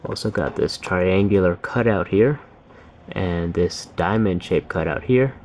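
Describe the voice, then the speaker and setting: A man's voice: deep voice, a little slow, a little hiss or hum. A man giving a casual sneaker review at home, thinking aloud with lots of uh and um. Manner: relaxed, thinking aloud with many fillers.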